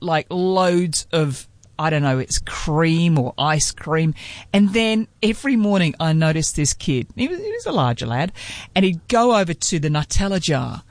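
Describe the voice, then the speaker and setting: A woman's voice: fairly low pitch, no echo. A woman with an Australian accent, hosting a casual radio chat and telling a playful story. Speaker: radio host. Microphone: studio microphone.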